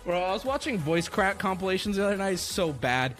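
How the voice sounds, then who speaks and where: A man streaming live, chatting casually with his audience in a rambling, excitable way and swearing a lot. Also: high voice, quick pace, faint music behind.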